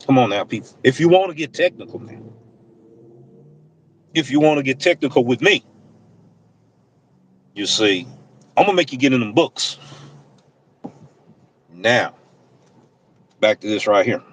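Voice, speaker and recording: A man's voice: mid-range voice, lively intonation, a little slow, pauses often, slight background noise, rough recording. A man who drives deliveries, talking to viewers on a livestream in passionate, preachy, slang-filled casual speech. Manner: impassioned, preachy, talks straight at the audience.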